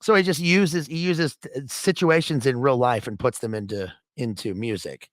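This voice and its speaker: A mid-pitched man chats as a guest on a movie review stream, jumping in with asides and quick comments. His voice sounds dry and close to the mic. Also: no echo. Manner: chatty, jumps in with asides and laughs. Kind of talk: casual movie review chat.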